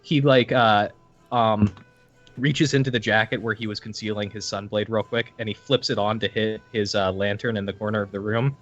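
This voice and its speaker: A man's voice: fairly low pitch, steady tone, normal speed, a bit bright, lo-fi sound, faint music behind. Rambling man describing his game character. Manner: rambling, fillers, swearing. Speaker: player. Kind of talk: tabletop game narration of own character.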